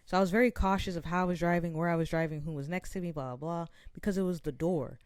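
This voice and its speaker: A woman's voice: lowish voice, fairly even intonation, fast talker, a little mellow, clear, resonant tone, dry recording. Young woman telling a story animatedly. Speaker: podcast co-host. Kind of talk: casual podcast storytelling.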